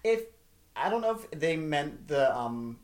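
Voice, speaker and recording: A woman with a strikingly deep, low voice chats casually as a co-host. Her delivery is wry and joking, with frequent laughter. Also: very animated, measured pace, a little mellow. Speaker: podcast co-host. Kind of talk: casual chat.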